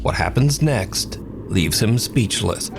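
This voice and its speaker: A man's voice: on the low side, expressive, slow, gravelly. A man giving scripted narration of scary video clips, with a dramatic storytelling delivery. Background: music.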